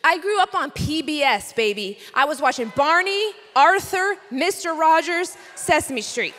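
A woman's voice: high voice, expressive, measured pace, a bit bright. A young woman preaching at a conference, telling a personal story in a playful, chatty way with asides to the crowd. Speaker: conference speaker. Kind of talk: sermon. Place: large conference hall. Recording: reverberant conference hall.

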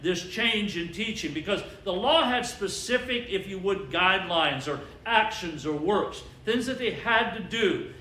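Pastor, man, high voice, emphatic call-and-response preaching, roomy church sound. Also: bright, forceful tone. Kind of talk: sermon. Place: church sanctuary. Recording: echoey church with faint ambience.

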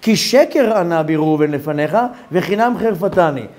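A man teaching a Torah class as a rabbi, who quickly reads Hebrew passages aloud and acts out the people in his example. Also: a little high, expressive, a little mellow. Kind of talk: animated Torah lesson.

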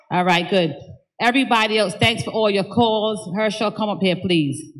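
A daughter gives a heartfelt eulogy at her parent's memorial and afterward thanks everyone gathered there. Speaking at a moderate pace in a medium-pitched voice, she grows emotional and occasionally trips over her words.

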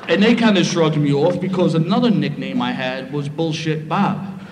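A middle-aged man with a Philadelphia accent, telling a lively, humorous story of his past at a recovery meeting. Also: on the high side, normal speed. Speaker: speaker sharing his story. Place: meeting hall. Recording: roomy hall, faint noise.

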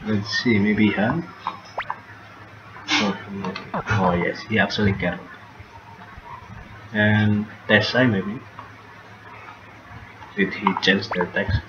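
Low-voiced man chatting over a game. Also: roomy sound. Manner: chatty, swears and laughs at the game. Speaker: gameplay streamer. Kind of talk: casual let's-play commentary. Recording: dull lo-fi sound with noticeable background noise.

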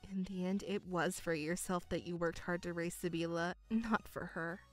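A woman voicing a calm, cold young stepdaughter in a dramatized story, speaking in a measured, coolly firm way. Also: fairly low pitch, soft background music, voice pushed down, close to an everyday voice.

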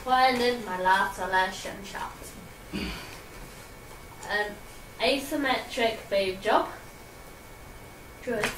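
A woman's voice: mid-range voice, slow pace, long pauses. A woman chatting and teasing friends during a card game, laughing often. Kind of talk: casual chat over a card game. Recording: echoey room, far from mic, noisy.

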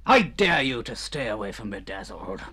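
A man's voice: fairly low pitch, sing-song, moderate pace, bright, forceful tone, breathy edge. Bumbling self-mocking comic man. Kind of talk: improvised comedy sketch.

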